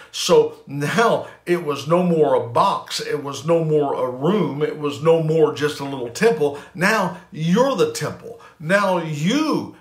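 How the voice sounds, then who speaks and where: A man preaching a sermon with emphatic, repeated lines and frequent restarts. His voice sits a little high, and the recording carries a clear room echo. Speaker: pastor.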